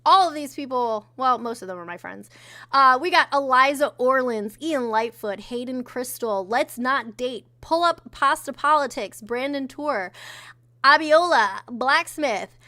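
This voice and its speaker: Her voice sits high and sounds animated, bright, and forceful, though her pace is a little slow. She's a co-host on a laid-back livestream, swearing frequently, talking offhandedly, and reading out messages from viewers.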